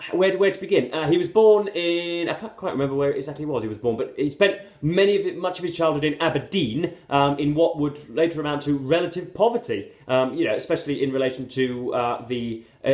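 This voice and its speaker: A man reviewing books to camera in a casual, rambling way, full of hesitations and fillers yet using erudite vocabulary and wry asides to his viewers. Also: fairly high pitch. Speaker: book reviewer. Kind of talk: casual book commentary to camera. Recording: roomy echo.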